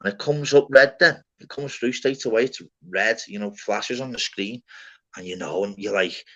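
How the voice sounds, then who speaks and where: A man's voice: on the low side, normal speed, a bit bright. Blunt, sweary man. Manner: swears constantly, rambling and blunt; calls everyone lad and mate. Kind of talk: casual chat. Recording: slightly dull lo-fi audio.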